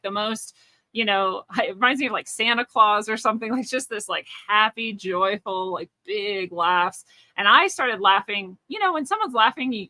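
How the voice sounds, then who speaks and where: A woman's voice: mid-range voice, bright, forceful tone, dry recording. A woman being interviewed as a spiritual teacher, telling a personal story in an earnest, searching way with frequent restarts.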